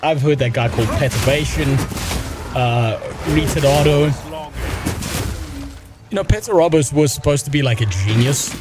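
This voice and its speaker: A young man streaming a video game, chatting casually in a blunt, profane and rambling way while reading chat. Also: medium pitch. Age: young adult. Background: game music.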